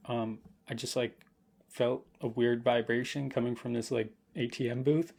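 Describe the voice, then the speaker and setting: A young man telling a rambling, profane story on a late-night livestream, laughing often and sounding intoxicated. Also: mid-range voice. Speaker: streamer.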